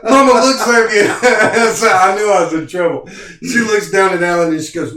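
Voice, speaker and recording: Animated man sounding distant and echoey. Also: sits high, normal speed. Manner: animated storyteller, acts out dialogue. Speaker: guest, host's brother. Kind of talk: casual family chat.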